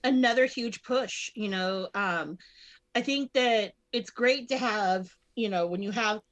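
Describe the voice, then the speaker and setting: A woman talks through wrestling matches in a loose podcast chat, her pitch sitting in a middle range. She rambles, trails off, restarts and leans on fillers, and she can break into loud excited yelling. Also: a little slow. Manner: bursts into loud excited shouting. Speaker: guest co-host.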